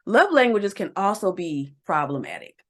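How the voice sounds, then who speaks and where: A woman co-hosting a relationship podcast in casual chat, acting out quoted lines in a higher voice. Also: normal speed. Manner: animated, acts out quotes in a higher voice. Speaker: podcast co-host.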